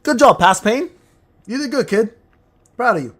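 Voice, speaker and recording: A man talks through a game on a livestream, teasing his chat with crude jokes and rambling asides. His voice sits high and swings widely up and down, full of playful bounce. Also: animated, normal speed, fairly bright tone. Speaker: gaming streamer reading chat. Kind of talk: casual livestream chatter while playing.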